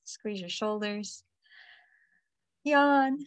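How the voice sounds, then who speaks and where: A woman energy healer leading a guided release meditation, talking in a soft, invoking, repetitive way. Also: medium pitch, drawn-out words, no echo.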